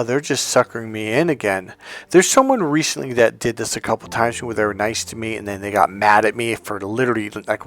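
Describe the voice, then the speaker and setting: A man's voice: mid-range voice, no room sound. A man giving an intense, blunt and profane motivational talk as a relationship coach. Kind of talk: motivational vlog monologue.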